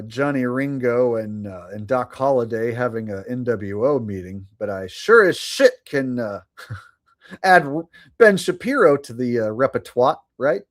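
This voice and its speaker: A man hosting a livestream, chatting casually with viewers in a rambling way, laughing and swearing now and then. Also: medium pitch. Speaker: livestream host.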